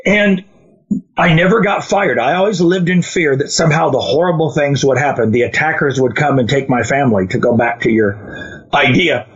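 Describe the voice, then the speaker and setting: A man's voice: a little high, moderate pace. A man co-hosting a casual podcast, telling stories and quoting people as he goes. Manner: storytelling, quotes others in animated voices. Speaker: podcast co-host. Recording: dull lo-fi sound.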